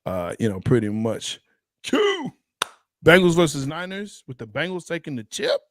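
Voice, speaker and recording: A man's voice: fairly high pitch, sing-song, brisk, dry recording, studio quality. A man hosting a sports podcast in casual chat, teasing and laughing often. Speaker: podcast host.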